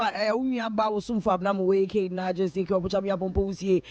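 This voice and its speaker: A woman's voice: mid-range voice, fairly even intonation, fast talker, few pauses, a little mellow, dry recording, lo-fi sound. A woman radio host with a Ghanaian accent, chatting casually and playfully mimicking her friends' voices. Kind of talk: casual radio talk mixing English and Twi. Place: radio studio.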